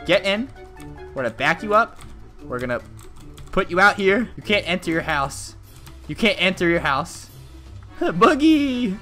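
A young man giving crude, excitable gameplay commentary, laughing often as he plays. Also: high-pitched, unhurried, long pauses, soft background music. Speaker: gaming YouTuber.

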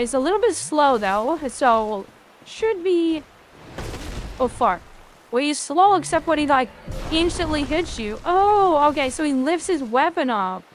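A woman with a high voice commentates her gameplay live. She is excitable, curses often and chats casually with her viewers between fights. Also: a little hiss or hum. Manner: excitable, swears often, talks to chat. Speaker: game streamer.

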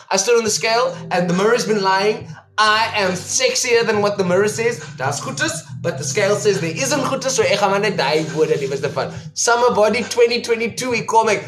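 A South African man with an Afrikaans-speaking accent, hosting a casual live stream and chatting warmly with viewers, mixing English and Afrikaans. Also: sits high, echoey room. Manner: switches between English and Afrikaans, upbeat and affectionate with viewers. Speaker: livestream host.

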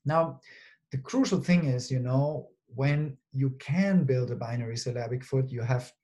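A man's voice: medium pitch, a little slow, dark tone. A man presenting an academic talk, explaining step by step with frequent fillers and "right?" checks to his listeners. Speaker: linguistics researcher presenting a talk.

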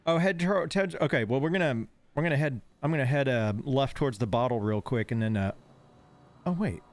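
Fairly quick and mid-range in pitch, this man's voice carries rambling, distracted live gameplay commentary. Dental work has left him without his front teeth, so he lisps slightly, and the painkillers keep him giggly and easily sidetracked.

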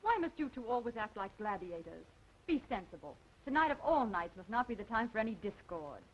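Poised young lady, lively voice, faint hiss. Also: fairly high pitch, brisk, highs cut off. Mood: composed. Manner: composed, pleading. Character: poised young woman, gently firm. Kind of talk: 1930s film acting. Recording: 1930s film soundtrack, faint hiss.

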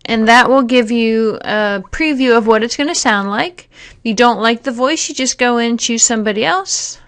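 A woman narrating a software tutorial, explaining each step plainly with occasional fillers. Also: on the high side, normal speed. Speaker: teacher giving a software tutorial. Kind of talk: screen-recorded tutorial narration.

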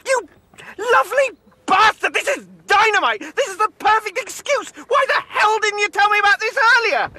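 A man's voice: extremely high pitch, big pitch swings, a little fast, fairly bright tone, a little hiss or hum, full character voice. An actor playing an uptight, anxious man who stammers and fusses, in a sitcom clip with faint music behind. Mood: elated. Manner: stammering, nervous, fussy.

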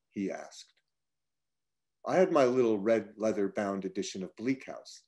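A man reading his own personal travel essay aloud, measured and slowing through long lists, breaking off now and then for casual asides. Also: fairly low pitch, lively intonation, creaky, warm tone. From United States (upstate New York).

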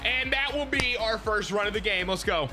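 A man giving live gameplay commentary, excitable and full of profane trash talk. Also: sits high, normal speed, music in the background. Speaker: gaming YouTuber.

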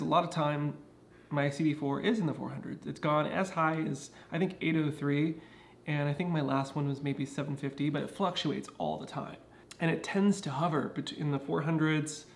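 A man's voice: a little high, gravelly, slight background noise. A man talking casually to his camera at home, explaining things earnestly with frequent restarts. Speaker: vlogger. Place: indoors at home.

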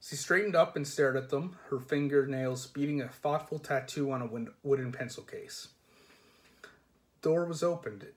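A man reading a novel aloud in a measured storybook manner, sometimes dropping soft. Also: mid-range voice. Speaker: reader.

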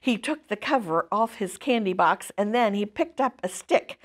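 Lively woman reading a kids' story. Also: medium pitch, moderate pace. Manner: expressive, lively read-aloud. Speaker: children's ministry storyteller. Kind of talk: reading a storybook aloud to children.

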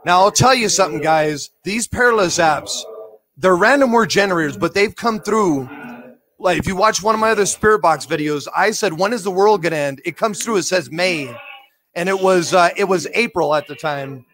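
A man's voice: high voice, moderate pace. A man doing a paranormal spirit box session, calling out questions to spirits and reporting what the apps say. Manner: hushed questions to spirits, bursts of excited shouting. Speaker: paranormal investigator.

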